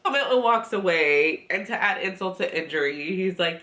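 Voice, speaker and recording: A woman's voice: fairly low pitch, expressive, moderate pace, few pauses, a bit bright. Sassy, chatty woman recapping TV. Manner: chatty, sassy commentary with quoted asides and laughs. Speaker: recap vlogger. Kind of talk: casual reality TV recap.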